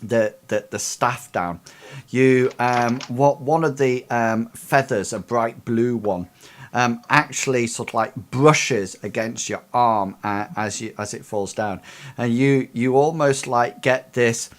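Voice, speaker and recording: A man's voice: mid-range voice, slow pace. A man narrating a tabletop game as its game master, hedging his descriptions as he goes. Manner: hesitant, lots of fillers and restarts.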